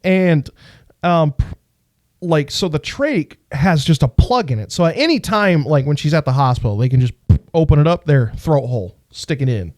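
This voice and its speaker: Man, podcast co-host, lively pitch, casual swearing, dry close mic. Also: normal speed, no room sound. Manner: animated storytelling, swears freely.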